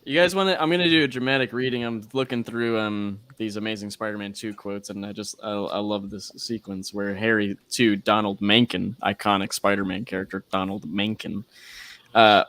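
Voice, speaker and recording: Man reading lines flatly in chat. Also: on the low side, moderate pace, dry recording. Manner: flat, unenthusiastic reading voice. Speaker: podcast co-host. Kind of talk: casual chat with deadpan read-aloud bits.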